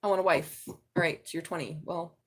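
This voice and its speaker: A woman's voice: lowish voice, steady tone, brisk, slightly rough. A middle-aged woman reading tarot on a casual live stream, blunt and chatty, swearing freely. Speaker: tarot reader.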